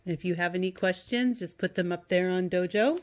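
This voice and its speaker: A woman's voice: fairly low pitch, brisk. Patient woman teaching a video lesson. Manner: patient, sing-song reading of example sentences. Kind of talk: remote class lesson to young students.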